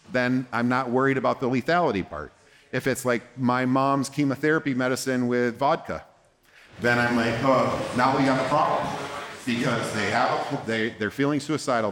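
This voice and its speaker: A man addresses a room of listeners as a therapist, his pitch sitting in the ordinary middle range. He talks in a relaxed, conversational way and often acts out both sides of a conversation. When he voices the counselor, he turns gentle and reassuring. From United States. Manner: conversational, acts out dialogues in short quoted lines. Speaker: therapist speaking at a conference. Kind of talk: conference talk. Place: conference hall with an audience.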